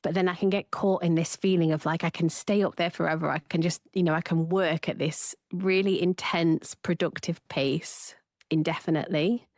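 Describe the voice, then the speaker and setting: A woman, a therapist co-hosting a casual podcast chat and lively acting out her own inner voice. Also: lowish voice, moderate pace, no echo, studio quality.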